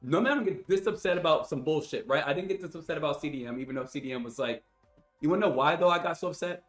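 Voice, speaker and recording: A man's voice: on the high side, rapid-fire, fairly bright tone. A young man streaming games, ranting angrily and profanely to his chat in an exasperated, sighing voice. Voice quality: profane, exasperated, with heavy sighs. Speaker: gaming streamer. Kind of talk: angry rant to stream chat. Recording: roomy echo with faint music.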